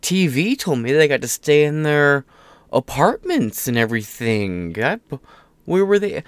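A political commentary host runs his own solo show, reading news aloud casually and sarcastically, rambling, stumbling over words and swearing offhand. His mid-range voice has lively intonation and a moderate pace, with clean tone and no echo.

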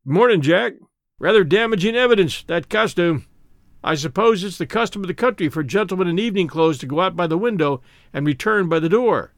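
A man doing a sardonic gentleman. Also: sits high, sing-song, normal speed, no room sound, clean studio sound, full character voice. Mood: breezy. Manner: sharp, severe, breezy and sardonic. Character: brisk witty Irish gentleman friend, commanding.

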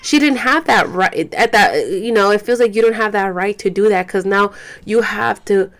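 A woman's voice: medium pitch, normal speed. A young woman at home, talking candidly to her viewers in a loose, casual way, full of fillers and swearing. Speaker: vlogger. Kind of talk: casual talk to camera. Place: home, caring for a baby.

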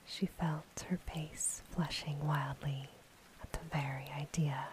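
A woman whispering a calm, steady storybook narration in a whispered role-play. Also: low voice, slow, background noise.

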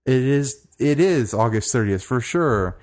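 A man's voice: medium pitch, expressive, measured pace, a little mellow. A man hosting a podcast in casual chat, laughing often and joking loosely. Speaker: podcast host.

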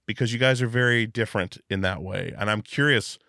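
A man's voice: on the low side, brisk, creaky, pushed and bright, no room sound, studio quality. A man hosting a casual podcast interview, reflective and rambling with many restarts. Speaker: podcast host. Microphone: video call.

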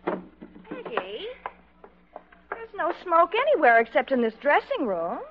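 A woman's voice: sits high, huge pitch swings, slow, highs cut off, noisy background, full character voice. An actress playing a fussy, prying woman friend in a sitcom. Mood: suspicious. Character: nosy, suspicious woman friend. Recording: old TV soundtrack with studio audience.

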